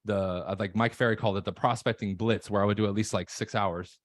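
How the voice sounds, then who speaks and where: A man coaching on sales calls in casual podcast chat, emphatic, acting out nervous callers in quick voices. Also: on the low side, fairly even intonation, no room sound, clean studio sound. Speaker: real estate coach.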